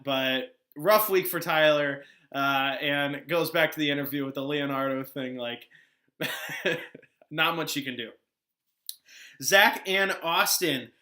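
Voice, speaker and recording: A man's voice: on the high side, bright, forceful tone. A man hosting a fantasy football recap, chatting in a casual, exasperated way with laughing asides.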